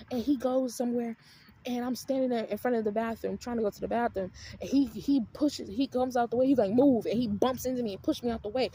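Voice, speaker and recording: Sex: woman. Role: vlogger. Style: storytime rant. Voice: high and husky. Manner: heated, profane, emphatic. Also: dark tone.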